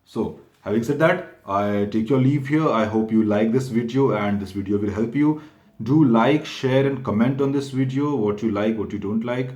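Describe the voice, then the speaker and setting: A man giving an informal, step-by-step explainer talk to viewers, halting often and correcting himself as he goes. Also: mid-range voice, a little mellow. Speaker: exam prep channel host. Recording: echoey room.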